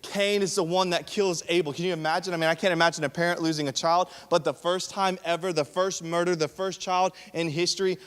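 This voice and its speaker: A man preaching a sermon to young adults, animated, dropping at times to quiet, hushed tones. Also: sits high, brisk, few pauses, clear, resonant tone. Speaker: youth pastor. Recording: reverberant hall.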